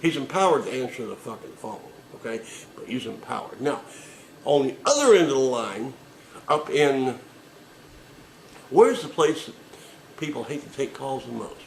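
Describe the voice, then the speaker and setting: A man's voice: medium pitch, animated, normal speed, vocal fry, pauses often, a little hiss or hum. Man ranting profanely in an echoey room. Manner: sarcastic, emphatic, swearing. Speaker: comedian. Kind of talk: profane comedic rant.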